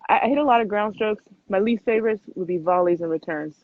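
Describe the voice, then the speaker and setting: A young adult woman hosting a casual live Q&A, chatting quickly and laughing often as she answers viewer questions. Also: mid-range voice, dry recording. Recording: tinny phone-like live stream, dry.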